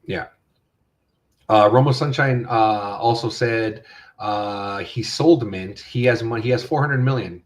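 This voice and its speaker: A man's voice: mid-range voice, a little slow. A man hosting a casual podcast chat, rambling with fillers and restarts. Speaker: podcast host.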